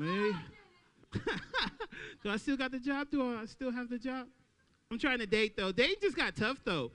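A man doing a stand-up comedy set at an open mic, talking loudly and playing out little voices for the crowd. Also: extremely high pitch, unhurried, pauses often. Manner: loud, animated crowd work with acted-out voices.

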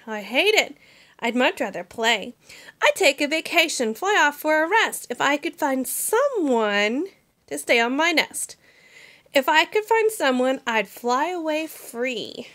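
A woman's voice: high voice, big pitch swings, unhurried, fairly bright tone, full character voice. A woman voicing a lazy, bored female bird who coaxes others, in a sing-song storybook reading. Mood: whiny.

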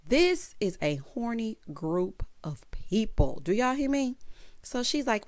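A woman giving a casual, sassy recap of a reality dating show, full of playful asides and quick reactions. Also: a little high, big pitch swings, darkish tone, no room sound. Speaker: recap vlogger.

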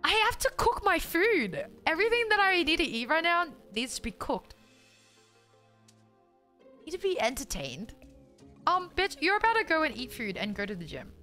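A young woman from Australia chats with her viewers on a live stream in a high, bright voice that swings up and down a lot. She is loud, swears freely and sounds exasperated, laughing as she talks, with faint music behind her. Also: very animated, moderate pace, long pauses. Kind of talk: casual live-stream chat, reading chat aloud.

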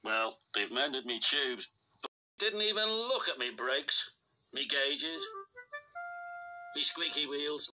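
A man's voice: fairly high pitch, animated, takes it slowly, long pauses, pushed and bright, faint music behind, full character voice. A man voicing a sick, grumbling male steam engine who moans and sulks in a storybook reading. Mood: relieved. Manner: moaning, self-pitying.

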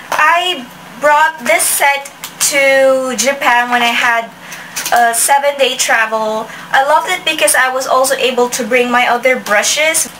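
A woman's voice: high-pitched, pushed and bright, far from the mic, slight background noise, poor audio. A woman reviewing makeup brushes in a casual, chatty vlog, with many restarts and frequent "like". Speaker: beauty vlogger.

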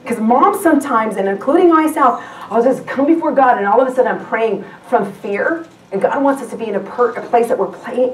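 A woman guest pastor preaching a sermon in a conversational way, often restarting her sentences and asking the congregation questions. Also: fairly high pitch. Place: church sanctuary. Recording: echoey church hall from far off.

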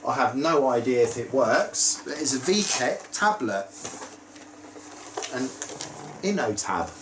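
A man vlogging in a casual, chatty way, excitable and prone to squeals of delight. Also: medium pitch, takes it slowly, roomy sound, noisy background. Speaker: YouTube vlogger. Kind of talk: casual chat.

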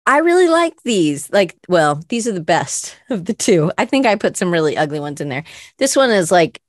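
Woman, somewhat low voice, rambling casual chat, self-deprecating, dry close sound. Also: sing-song, moderate pace, no room sound. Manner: rambling, chatty, self-deprecating, many fillers. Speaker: host of a weekly live creative show.

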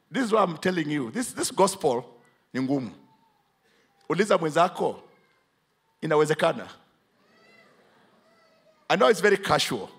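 Kenyan male pastor, high-pitched and animated, dramatic call-and-response preaching. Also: moderate pace, pauses often, breathy edge. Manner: preaching, switches between English and Swahili; dramatic, swings from hushed to loud emphatic. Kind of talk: sermon with congregation call-and-response.

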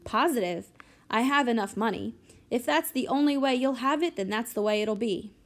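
A woman's voice: fairly high pitch, lively intonation, normal speed, close to an everyday voice. A woman reading an audiobook, voicing a polite, persuasive bachelor businessman ready to retire. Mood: earnest. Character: polite middle-aged male businessman, eager to buy.

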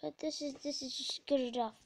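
High, gravelly woman narrating gameplay. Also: a little fast, no echo. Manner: rambling, with sudden excited exclamations. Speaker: let's play gamer. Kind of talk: casual gameplay commentary.

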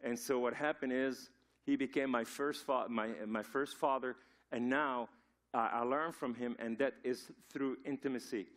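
A man's voice: mid-range voice, steady tone, normal speed. A man from Lebanon, a guest preacher, giving a sermon in a church in a loose storytelling way, with frequent restarts. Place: church sanctuary.

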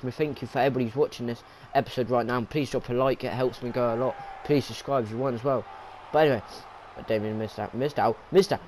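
Excitable male play-by-play gamer. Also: fast, slight background noise. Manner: jumps from low mutters to yelled excitement at big moves. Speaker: YouTube gamer narrating his wrestling video game league.

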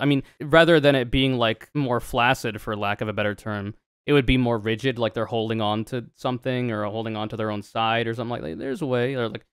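A man's voice: medium pitch, clear, resonant tone, no echo, studio quality. A young man streaming casual reaction commentary, joking and rambling with a lot of swearing.

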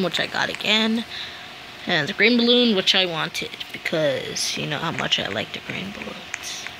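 A woman giving casual gameplay commentary, excitable, humming little tunes and yelping and shouting at other players. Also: mid-range voice, slight background noise. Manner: hums and sings little tunes while playing. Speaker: gamer.

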